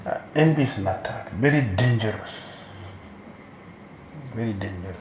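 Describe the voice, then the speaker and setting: A man's voice: medium pitch, expressive, a little fast, slight background noise. A man giving a sermon as a spiritual teacher, emphatic and repeating key phrases for weight. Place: temple hall. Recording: roomy hall echo.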